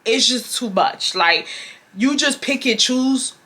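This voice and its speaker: A young Houston woman, a beauty vlogger, tells her viewers a work story in blunt, chatty fashion, calling them y'all. Her voice is a little high and bright with a pushed, lively intonation, and she takes her time.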